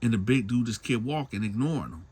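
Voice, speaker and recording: A man's voice: mid-range voice, lively intonation, quick pace, darkish tone, husky. A man retelling a story in a loose, slangy way, often tagging lines with a question. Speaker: storyteller host. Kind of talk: casual storytelling.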